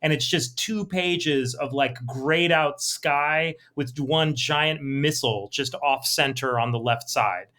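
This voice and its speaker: Bright-voiced man, an enthusiastic podcast co-host. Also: on the high side, slow, few pauses. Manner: enthusiastic, retelling scenes in vivid detail. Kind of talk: casual chat.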